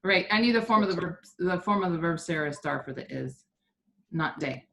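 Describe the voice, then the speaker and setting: A woman's voice: fairly low pitch, expressive, moderate pace, vocal fry, crowd noise. A woman teaching a Spanish class, patiently explaining grammar step by step.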